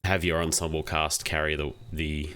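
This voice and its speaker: A man's voice: rumbling low, little pitch movement, normal speed, pushed and bright, slight background noise. A man co-hosting a film review podcast, musing tentatively in casual chat. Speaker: podcast co-host.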